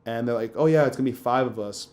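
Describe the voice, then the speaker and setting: A young man, a stand-up comic and podcast co-host, telling a story in casual chat, quoting voices as he goes. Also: mid-range voice. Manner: fast, animated storytelling with quoted voices.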